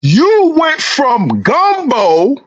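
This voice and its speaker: Slow, swooping woman host, teasing rhetorical rant, repeats herself. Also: wildly swooping pitch, lo-fi sound. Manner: teasing, sing-song, repeats questions; swings in pitch, drawn-out words. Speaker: channel host.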